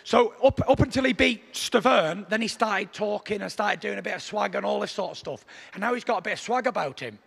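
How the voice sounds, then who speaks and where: A man's voice: sits high, animated, brisk, gravelly, hardly any pauses, a bit bright, breathy edge, long reverb tail. A man from Britain, a boxer boasting and taunting at a press conference. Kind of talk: press conference trash talk.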